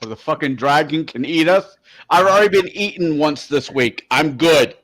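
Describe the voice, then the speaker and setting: A man's voice: fairly high pitch, normal speed. A man playing in a tabletop game, joking and swearing in casual chat. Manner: animated, joking, profane. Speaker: player.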